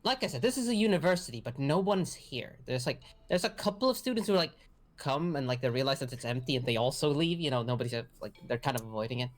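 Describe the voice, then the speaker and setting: A woman's voice: very deep voice, expressive, fast talker. A woman narrating as game master in a casual, rambling way, laughing and swearing often.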